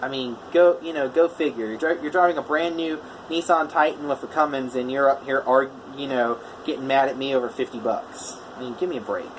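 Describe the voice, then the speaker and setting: A man's voice: mid-range voice, brisk, hardly any pauses, slight background noise, poor audio. A man, a welder, casually telling a story in a vlog, rambling with lots of fillers and restarts. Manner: rambling, full of "you know" and "I was like".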